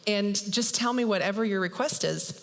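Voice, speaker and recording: A woman's voice: mid-range voice, normal speed, creaky, natural voice. Lady doing a laid-back king, chill and agreeable, bit of church echo. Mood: casual. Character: easygoing male ancient king, banquet lover.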